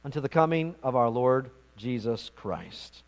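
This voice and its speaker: A man's voice: mid-range voice, lively intonation, unhurried. A man preaching a sermon as pastor, earnest and emphatic, often repeating words as he goes.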